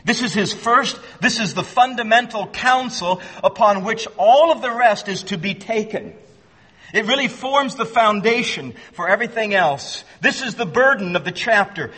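A man delivers an earnest expository sermon in a high, bright, ringing voice. He repeats words as he restarts and leans hard on key phrases. It is heard through a long hall reverb. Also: lively intonation, husky. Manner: slows down to stress key phrases. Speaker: pastor.

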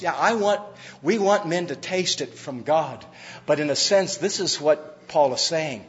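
A man preaching a sermon as pastor, repeating words for emphasis and swinging from loud, pressing lines down to soft, quiet ones. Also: high voice, very animated, unhurried, husky. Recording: muffled recording with long hall reverb.

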